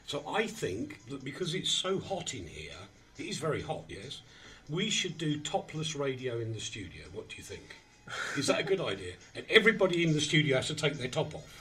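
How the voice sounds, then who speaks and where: A man's voice: medium pitch, very animated, a little fast, fairly bright tone. A man hosting an online radio show in casual, self-mocking chat, flustered while he fights with his equipment.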